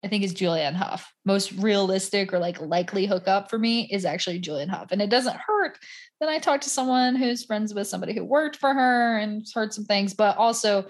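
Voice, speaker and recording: A woman in casual podcast chat, telling stories in a chatty, animated way with many fillers. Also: mid-range voice, fairly quick.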